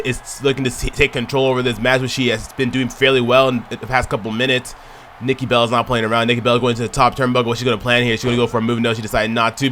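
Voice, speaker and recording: Bright-voiced excitable man calling wrestling. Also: mid-range voice, a little hiss or hum. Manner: excitable, shouts at near-falls; chatty, addresses viewers as y'all. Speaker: video game commentator. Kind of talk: play-by-play wrestling commentary.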